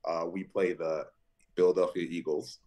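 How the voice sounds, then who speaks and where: A man in his thirties, a football linebacker, telling animated stories as a podcast guest, often laughing and jumping high in pitch when quoting others. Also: normal speed. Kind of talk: animated storytelling.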